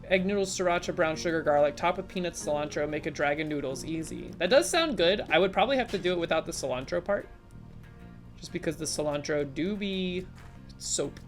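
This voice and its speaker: A woman's voice: on the low side, fairly quick, soft background music. A young adult woman streaming, chatting playfully and reading chat aloud. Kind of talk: casual live-stream chat.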